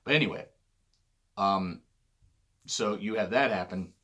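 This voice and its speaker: A man giving casual solo commentary on wrestling, rambling and correcting himself, often clearing his throat. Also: on the low side, a little slow, a bit bright.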